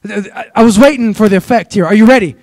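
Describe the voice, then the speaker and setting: An eye-rolling teenage boy, sarcastic and exasperated with his old-school dad, as a preacher puts him on. The voice sits very high and sounds dry. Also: quick pace, darkish tone, no room sound.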